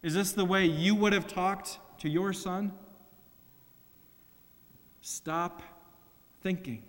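A man delivers a sermon in a high voice, lifting into loud emphatic bursts, then dropping to slow, hushed phrases. His words ring out with a long reverb tail, as if spoken in a large hall. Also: steady tone. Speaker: pastor.

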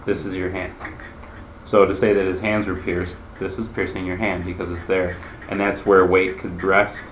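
A man's voice: low voice, level tone, moderate pace, a little hiss or hum. A man teaching a Bible class in a conversational way, asking his listeners questions as he explains.

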